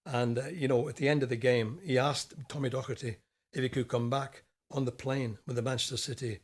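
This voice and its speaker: A man's voice: mid-range voice, fairly even intonation, fairly quick. An older man from Scotland, a former footballer, recalling stories in an easygoing, chatty way as a podcast guest. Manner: easygoing, anecdotal recollection. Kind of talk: casual interview chat.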